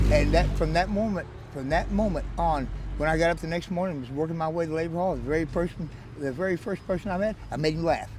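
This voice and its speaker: A man's voice: on the high side, noisy background. A man in his forties with a West Texas Southern drawl, a rambling, joking storyteller in a casual outdoor street interview. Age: 40s. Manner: rambling, joking storyteller who laughs often.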